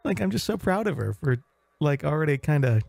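A man's voice: a little high, big pitch swings, a little fast, creaky, a little mellow, no echo. A man hosting a podcast in casual chat, joking and mimicking radio DJs. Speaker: podcast host.

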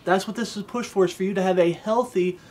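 A man's voice: high-pitched, quick pace, darkish tone. A man giving an informal devotional sermon in an earnest, conversational way, reciting old-style scripture and often checking in with his listeners. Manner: recites King James scripture aloud. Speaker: preacher.

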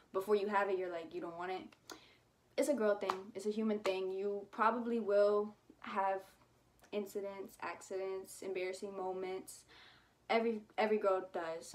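A young woman talking straight to her viewers in a relaxed vlog, her pitch sitting in an ordinary middle range. She rambles along casually, dropping "like" every few words and slipping into slang. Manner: chatty, lots of "like" fillers, slangy. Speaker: YouTuber.

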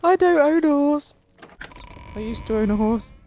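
A woman's voice: high-pitched, expressive, moderate pace, mellow. A woman hosting a let's play, commenting on the game in a playful mock-dramatic way and laughing often. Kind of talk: gameplay commentary.

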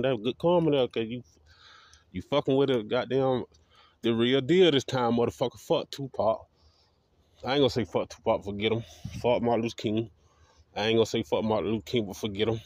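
A man's voice: mid-range voice, fast, a little mellow, no echo, highs cut off. A man vlogging in a combative, profane ranting monologue, talking defiantly. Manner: combative, defiant, heavy swearing.

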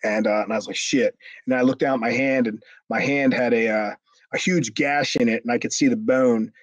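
A man, a former wrestler, telling a story in a casual interview, animated and profane, acting out what others said. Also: medium pitch, a little fast, dry recording, low-quality recording. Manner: animated, acts out quotes with raised voice, frequent restarts and swearing.

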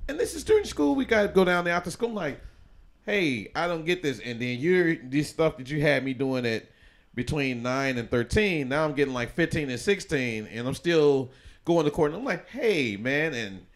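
A man from Chicago, a podcast guest, telling his life story in a loose, rambling way with many restarts and fillers. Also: fairly low pitch. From Chicago, USA. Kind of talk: casual interview storytelling.

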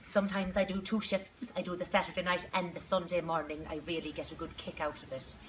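A woman's voice: lowish voice, flat delivery, fast talker, lightly acted. A woman playing a shy, churchy young farm girl, prim and earnest, in a west of Ireland accent. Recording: distant mic with background noise.

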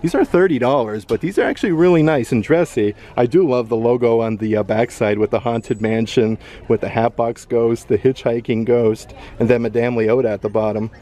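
A man's voice: medium pitch, steady tone, a little fast, few pauses, warm tone. A man filming a casual shopping vlog in an outlet store, upbeat as he describes merchandise and prices. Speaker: vlogger.

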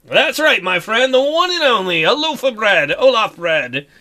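A brash young Viking chieftain, as a man voices him in a video game, swaggering and emphatic. His voice is high and bright, bouncing up and down as he boasts. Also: big pitch swings, moderate pace, heavily acted. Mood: boastful.

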